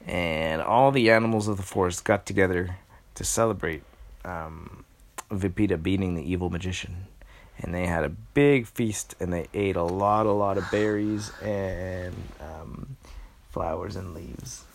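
Man spinning a bedtime story off the cuff; low, creaky voice, pauses often to think. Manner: halting, with many pauses and fillers.

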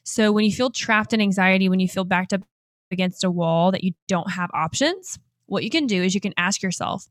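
A woman's voice: mid-range voice, brisk, dry recording, studio quality. Upbeat young woman podcaster. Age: 20s. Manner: energetic and enthusiastic, often laughing. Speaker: podcast host and life coach. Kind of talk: upbeat motivational podcast talk.

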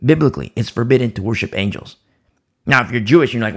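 A man preaches a midweek Bible study with a gravelly, husky voice. His pitch swings widely as he presses each point, often repeating a phrase for stress. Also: lively intonation, fast talker. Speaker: Bible teacher.

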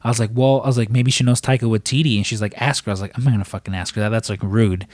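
A man's voice: lowish voice, fairly even intonation, very fast, a little mellow, no echo. An American man hosting a podcast in casual chat, rambling through a story and swearing often. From United States. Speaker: podcast host.

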